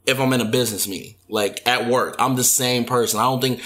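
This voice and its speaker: A man's voice: medium pitch, quick pace. A man co-hosting a podcast, chatting casually and animatedly, now and then jumping into playful put-on voices. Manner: animated, jumps into exaggerated impressions. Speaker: podcast co-host. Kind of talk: casual chat.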